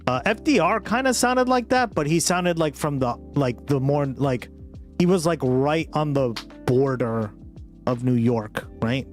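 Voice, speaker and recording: A man's voice: a little high, expressive, measured pace, soft background music. A man hosting a livestream who reacts in casual, rambling commentary and swears freely. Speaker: livestream host.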